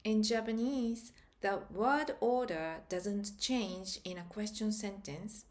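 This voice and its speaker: Woman language teacher, slow deliberate delivery, mid-pitched, patient explanations. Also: a little mellow. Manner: patient, spells out and repeats example sentences slowly. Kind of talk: slow grammar lesson narration.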